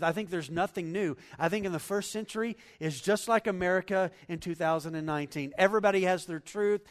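A man preaching a sermon, climbing to loud emphatic peaks and dropping low, asking listeners to fill in words. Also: normal speed. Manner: asks the congregation to fill in words. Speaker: pastor.

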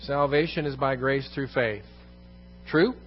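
A man's voice: mid-range voice, unhurried, dull audio, soft background music. Emphatic male pastor teaching a room. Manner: emphatic, repeats key phrases, asks the room questions. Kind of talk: evening Bible teaching in a church. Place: church room.

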